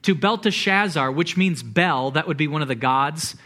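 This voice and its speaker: A man preaching a sermon as pastor, animated, with repeated words and acted-out quotes. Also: fairly high pitch, normal speed.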